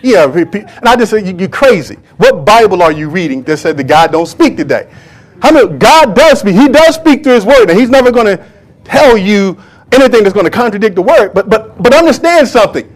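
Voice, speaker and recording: A male pastor with a high-pitched voice preaching in church with fervent energy. He repeats his phrases for emphasis and keeps asking the congregation questions as he drives his points home. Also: sing-song, fairly quick. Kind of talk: preaching a sermon.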